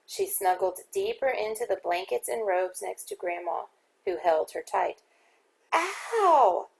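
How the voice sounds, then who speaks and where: A woman reading a novel aloud as an audiobook, measured and dramatic. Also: mid-range voice, gravelly, a little mellow, slightly rough, low-quality recording. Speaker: audiobook reader. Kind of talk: audiobook narration.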